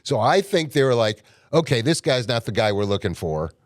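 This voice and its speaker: A man's voice: medium pitch, very animated, normal speed, no room sound. Man, casual podcast storyteller, rambling and a bit profane, dry close mic. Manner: rambling, colloquial, mildly profane. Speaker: podcast guest or host.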